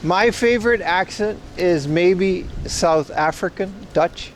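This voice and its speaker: A man's voice: high voice, slow, slight background noise. A man livestreaming as he walks outside, chatting and joking with his viewers. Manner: chatty, joking, talks to chat. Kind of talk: casual IRL stream chat. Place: outdoors on a street.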